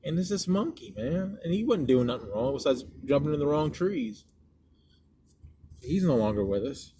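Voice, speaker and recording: A young man chatting as podcast co-host inside a moving car, telling animated, profane stories. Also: a little high, normal speed. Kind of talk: casual chat. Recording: loud car road noise.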